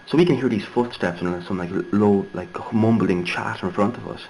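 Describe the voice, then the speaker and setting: A man's voice: fairly low pitch, moderate pace, darkish tone, a little hiss or hum, low-quality recording. A young Irishman telling a story casually, rambling and digressive with many fillers and restarts. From Ireland. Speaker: vlogger.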